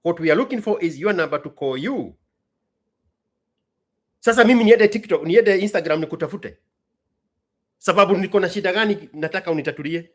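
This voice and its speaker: A man's voice: high voice, fairly quick, pauses often. A man with a Kenyan accent hosting a show, ranting in exasperated, mocking rhetorical questions. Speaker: host. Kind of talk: ranting commentary.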